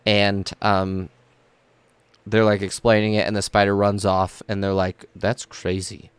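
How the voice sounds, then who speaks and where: A man's voice: lowish voice, completely flat delivery, measured pace, clear, resonant tone, no echo. A man narrating a tabletop game as game master, rambling with many fillers and laughs.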